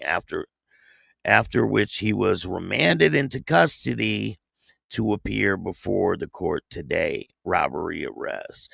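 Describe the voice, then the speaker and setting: Gravelly low-voiced man hosting a livestream. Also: fairly bright tone, dry recording, studio quality. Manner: reads chat names and donations aloud, reads news with stumbles. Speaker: online show host. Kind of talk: casual livestream chat and news reading.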